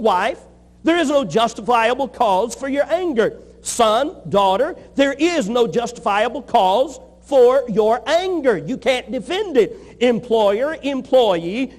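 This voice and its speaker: High-voiced preacher man, emphatic. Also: long reverb tail. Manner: emphatic, rhythmic repetition. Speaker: pastor. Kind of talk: sermon.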